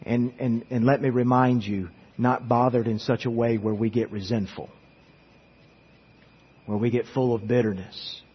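Husky-voiced male pastor preaching earnestly. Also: medium pitch, fairly even intonation, unhurried. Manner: earnest preaching with repeated words. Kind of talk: sermon. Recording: echoey church hall, dull lo-fi sound.

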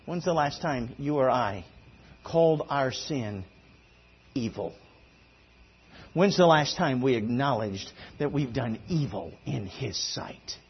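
A man with a somewhat high, husky voice delivering a sermon. He swings between loud, driving exclamations and low, quiet emphasis. The recording is muffled and dull. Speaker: preacher.

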